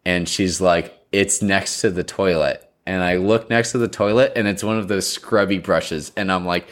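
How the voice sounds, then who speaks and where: Deep-voiced young man telling a story. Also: normal speed, few pauses. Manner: animated, rambling with many fillers. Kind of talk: casual chat, telling an embarrassing story.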